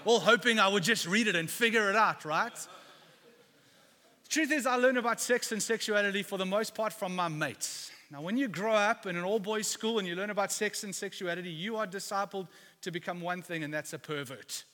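A middle-aged male pastor delivers a frank, confessional sermon. His voice sits a little high and sounds bright and forceful, and it rings out with the long reverb of a large hall. He often restarts his sentences and turns to his listeners with rhetorical questions. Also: moderate pace.

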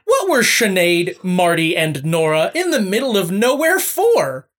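A woman hosting a casual podcast, quizzing her guests with lots of fillers. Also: unhurried. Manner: quizzing guests, frequent fillers, lively pitch. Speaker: podcast host running a quiz.

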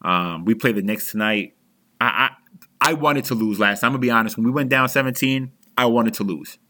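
A young adult man vents as an angry fan on his sports podcast. His voice is bright and forceful at a middle pitch. He sounds heated and profane and keeps restarting his sentences. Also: brisk.

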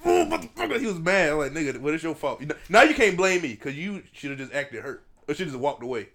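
A man's voice: a little high, lively intonation, quick pace, pushed and bright. A man telling a rambling, profane story in casual chat.

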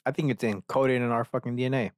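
A man's voice: mid-range voice, steady tone, fast, dry recording, clean studio sound. A man hosting a solo podcast, rambling, swearing freely and breaking off to mock himself. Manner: rambling and profane, self-mocking asides. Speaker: podcast host.

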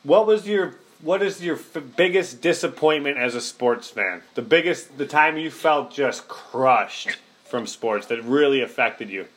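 A man hosting a casual sports podcast, easygoing and enthusiastic. He reminisces freely, leans on fillers, and steers the chat with questions. His pitch sits in an ordinary middle range. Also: a little slow, few pauses. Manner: relaxed, enthusiastic, lots of you-knows, asks questions. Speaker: podcast host.

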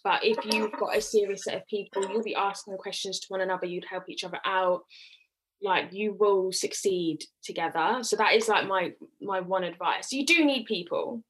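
A woman's voice: medium pitch, steady tone, moderate pace, a bit bright, slightly rough, rough recording. A young woman, a recent graduate, earnestly giving advice in casual chat. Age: young adult. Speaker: podcast guest.

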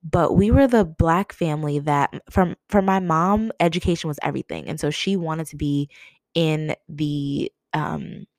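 Young woman telling a story, low voice, dry close sound, laughs and acts out what she said. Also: unhurried, no echo. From Massachusetts, USA. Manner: animated, laughing, quoting herself in a higher voice. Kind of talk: casual storytelling.

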